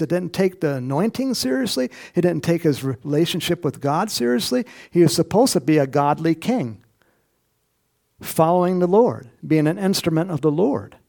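Speaking in a high-pitched, slightly mellow voice with vocal fry, a male pastor delivers a casual, story-driven sermon. He performs Bible characters in voices and chats with his congregation along the way, addressing them directly with asides.

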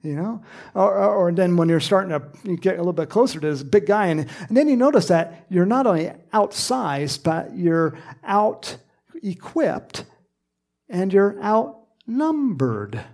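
A man preaches in a loose, conversational way, acting out quoted lines and now and then sinking to a whisper. His voice sits a little high, with a gravelly fry and a husky edge. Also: very animated, measured pace, darkish tone. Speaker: pastor. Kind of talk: sermon.

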